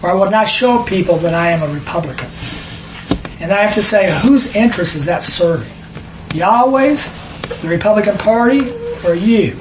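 A man's voice: high voice, animated, moderate pace, reverberant, background noise. A man leading an informal Bible study, explaining points emphatically and wandering into asides while reading verses aloud. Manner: emphatic, digressive, reads scripture aloud.

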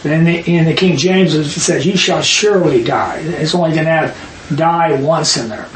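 A man leading a Bible study, reading verses aloud and arguing his points emphatically with quick asides. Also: fairly high pitch. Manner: emphatic, rapid asides, reads scripture aloud. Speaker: Bible teacher. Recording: echoey room, distant mic, faint hiss.

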